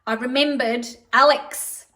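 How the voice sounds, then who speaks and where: A woman's voice: high voice, fairly even intonation, unhurried, recorded from a distance. A middle-aged woman vlogging in casual, digressive chat, telling stories. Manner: chatty, digressive, warm storytelling. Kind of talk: casual rambling chat to camera.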